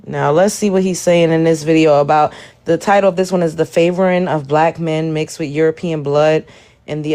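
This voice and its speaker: A woman's voice: sits low, darkish tone. A woman hosting a live stream, reacting to a video and talking straight to her chat in an exasperated way. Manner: exasperated, addresses chat directly. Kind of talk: casual live stream commentary.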